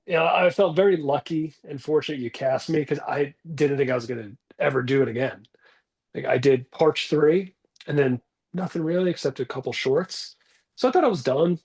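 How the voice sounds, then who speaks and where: An actor in his forties, guesting in a casual interview, calls in from his bathroom at home and rambles through self-deprecating stories about his acting career. His voice is on the high side with a darkish tone.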